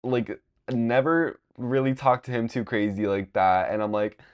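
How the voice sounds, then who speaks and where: A man's voice: mid-range voice, unhurried, smooth. A young man from Long Beach, California, telling a personal story in a casual, rambling way, with many fillers and frequent swearing. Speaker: podcast host.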